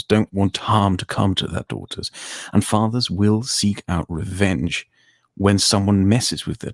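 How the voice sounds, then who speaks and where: A man on a podcast, making his case in measured, repetitive phrases during casual commentary. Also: deep voice, no room sound, clean studio sound. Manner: measured, argues with repeated phrases. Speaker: podcast co-host.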